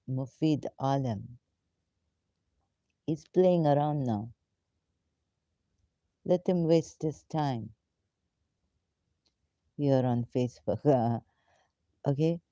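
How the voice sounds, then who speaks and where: A woman hosting a casual live question-and-answer session, talking in halting, rambling, broken English with frequent fillers, and sometimes talking to herself. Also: sits low, warm tone, no echo, lo-fi sound. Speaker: live Q&A host.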